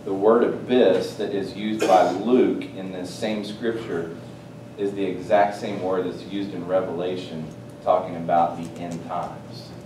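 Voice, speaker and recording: A man preaching a sermon, swinging between loud, excited exclamations and hushed, quiet asides. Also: a little slow. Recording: roomy, distant mic with faint rumble.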